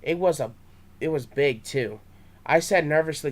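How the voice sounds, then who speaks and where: A man's voice: fairly high pitch, moderate pace. A young man reading his own fan story aloud, with small stumbles and restarts.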